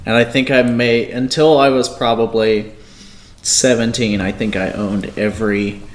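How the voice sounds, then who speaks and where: A man's voice: medium pitch, steady tone, a little slow. A man hosting a podcast, asking eager questions in a casual, enthusiastic interview. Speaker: podcast host.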